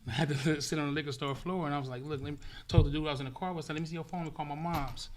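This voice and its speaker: A man, a podcast guest, telling a vivid, profane story in casual talk, acting out sounds and swinging between loud bursts and hushed murmurs. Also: fairly high pitch, fairly even intonation, very fast, slight background noise.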